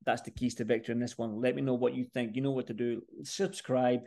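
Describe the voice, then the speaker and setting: A man's voice: medium pitch, flat delivery, fast, creaky, darkish tone. A man talking casually to camera as a boxing vlogger, chatty and repeating words and phrases for emphasis. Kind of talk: casual fight-preview talk to camera.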